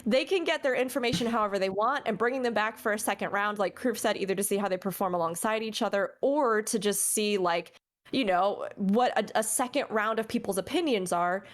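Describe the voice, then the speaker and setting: A woman talking as a guest on a casual gaming podcast, easygoing and thinking out loud. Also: mid-range voice, brisk. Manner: easygoing, thinks aloud with fillers. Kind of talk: casual chat.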